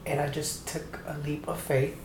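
A middle-aged man from Atlanta, Georgia recounts his career as a dancer and choreographer in a relaxed interview. He tells it with animation and acts out the people he quotes. The room is echoey, with a faint hiss behind him. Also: fairly high pitch, normal speed. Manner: animated storyteller who acts out quoted voices. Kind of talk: conversational interview storytelling.

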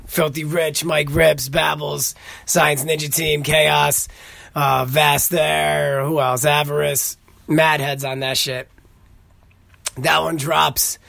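A man talks straight into a close, dry mic, hosting his own podcast in a loose, profane ramble. His voice sits a bit high for a man, and it rises as he works himself up telling a story. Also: creaky, no room sound. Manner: profane, animated storytelling, heated when retelling. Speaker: podcast host. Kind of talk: casual solo podcast rant.

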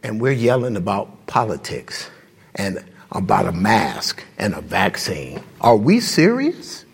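A pastor delivers his sermon in a husky, gravelly voice that sits a touch high for a man. His pitch swings widely as he preaches with passion, firing rhetorical questions straight at his congregation. The tone stays conversational and direct. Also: very animated, measured pace. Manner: impassioned preaching, rhetorical questions, chuckles between points.

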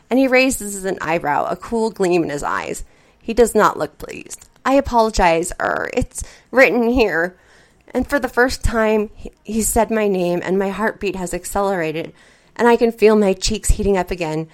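A woman narrating a first-person story with an expressive, flustered delivery. Her voice sits at a middle pitch, and she moves between plain narration and the heroine's own words. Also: moderate pace.

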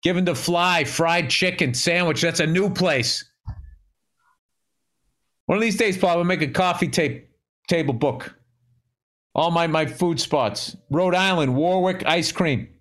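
A man with a fairly high voice co-hosting a podcast. He trades dry wisecracks and swears freely in loose, casual conversation. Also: unhurried, pauses often, fairly bright tone. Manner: wisecracking, profane. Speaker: podcast co-host. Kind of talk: casual chat.

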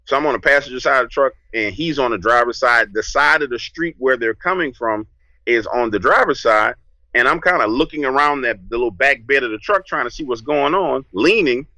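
Bright-voiced New man telling a story. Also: medium pitch, brisk, no room sound, rough recording. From New Orleans, USA. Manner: lively, acts out his own past lines. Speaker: podcast guest. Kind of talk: casual storytelling.

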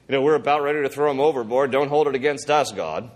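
A man's voice: mid-range voice, quick pace. A man preaching a sermon, retelling scripture in a casual, joking way with acted asides. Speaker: pastor.

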